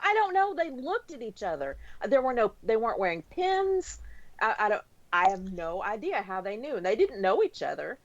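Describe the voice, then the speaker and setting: A woman's voice: fairly high pitch, big pitch swings, moderate pace. A woman co-hosting a podcast, chatting casually and telling a story in a talkative way. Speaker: podcast co-host. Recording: dull, slightly lo-fi audio.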